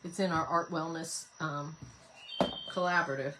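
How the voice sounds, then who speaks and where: A woman's voice: sits low, fairly even intonation, moderate pace, very noisy. A woman, chatting, giggling and rambling as she hosts a home craft livestream and reads viewer comments. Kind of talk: casual chat while crafting.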